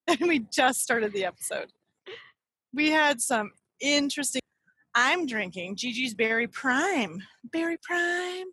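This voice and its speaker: A woman's voice: sits high, expressive, slow pace, sharp tone, slightly rough, no echo. A woman co-hosting a casual podcast chat, giggly and teasing. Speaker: podcast co-host.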